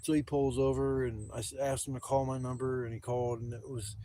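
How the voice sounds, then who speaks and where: A man's voice: mid-range voice, little pitch movement, a little fast, dark tone. A man livestreaming from a campsite, rambling and griping casually with plenty of swearing. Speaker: camping vlogger. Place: outdoors at a campsite. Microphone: handheld camera on a gimbal.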